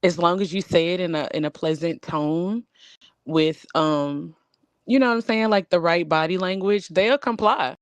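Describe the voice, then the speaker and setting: A woman's voice: fairly low pitch, normal speed, no echo. Chatty Southern woman, dry close sound. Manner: animated, drawling, lots of fillers. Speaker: podcast co-host. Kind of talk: casual barbershop-style chat.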